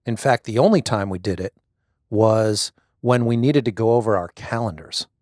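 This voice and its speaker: A man's voice: on the low side, normal speed, a little mellow, no echo, studio quality. A middle-aged man reflecting thoughtfully and hesitantly in a casual conversation, often restarting his sentences. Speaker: guest, husband.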